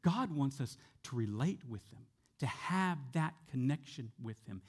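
A male pastor preaching a sermon in a conversational way, sometimes dropping soft and slow for emphasis. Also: fairly high pitch, very animated, breathy edge. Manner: conversational with fillers and repeated words.

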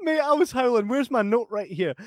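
A man's voice: very high-pitched, expressive, brisk, dry recording. A man co-hosting a podcast, chatting casually about a film and laughing often as he retells scenes. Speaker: podcast co-host.

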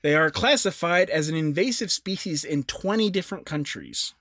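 A man's voice: fairly high pitch, animated, normal speed, a bit bright. A young adult man co-hosting a podcast in casual chat, presenting facts with jokey asides. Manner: chatty, jokey, with self-aware asides. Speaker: podcast co-host.

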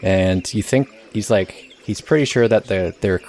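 A man's voice: on the low side, moderate pace, darkish tone, a little hiss or hum. A man narrating as game master of a tabletop role-playing game.

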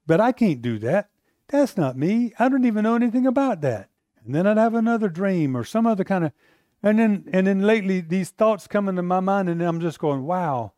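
A man preaching a sermon, animated, acting out quoted voices and laughing often as he talks. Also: on the high side, no room sound, clean studio sound. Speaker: pastor.

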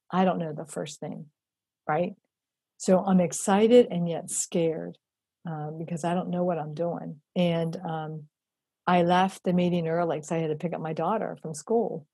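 A middle-aged woman telling a personal story in an animated way, acting out the voices she quotes and using many fillers. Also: fairly low pitch, slightly rough, dry recording. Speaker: charity founder telling her story.

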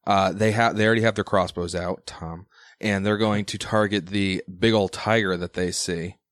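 A man's voice: on the low side, steady tone, normal speed, fairly bright tone, dry recording, studio quality. A man narrating as game master of a tabletop role-playing session, joking with his players.

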